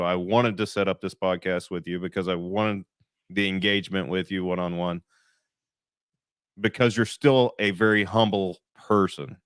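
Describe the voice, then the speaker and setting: A man hosting a podcast, speaking in a measured, complimentary way to his guest. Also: sits low, a bit bright, clean tone, no room sound, clean studio sound. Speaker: podcast host. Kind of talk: casual interview.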